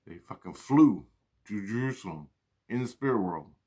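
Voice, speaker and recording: A man's voice: lowish voice, animated, normal speed, darkish tone, husky. A man telling a long, rambling monologue to camera, swearing heavily and repeating and restarting his phrases. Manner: profane, repetitive, restarts often. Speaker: vlogger.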